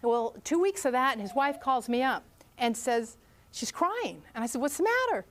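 A high-voiced middle-aged woman speaks to a group about prayer. She tells her story in a lively way and acts out what each person said. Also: normal speed. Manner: animated, acts out quoted voices. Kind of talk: storytelling talk.

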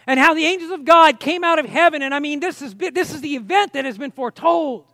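Very high-voiced man preaching. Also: quick pace, bright, forceful tone, no echo, studio quality. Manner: emotional storytelling, frequent restarts. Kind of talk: personal testimony sermon.

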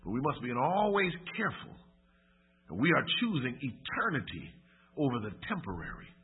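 Male preacher, husky and impassioned, emphatic pauses, heard on thin phone-like sermon audio. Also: medium pitch, wildly swooping pitch. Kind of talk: sermon and closing prayer.

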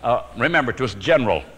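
A man preaching a sermon, telling his own story with sudden swings from emphatic to hushed and chuckling at his own jokes. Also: medium pitch, lively intonation, a little fast, in a large hall, poor audio.

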